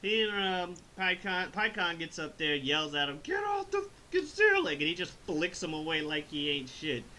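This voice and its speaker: A man's voice: on the high side, steady tone, moderate pace, hardly any pauses, sharp tone, a little hiss or hum, rough recording. A man hosting a casual review chat, rambling, swearing and laughing as he recaps the story. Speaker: host reviewing an animated film.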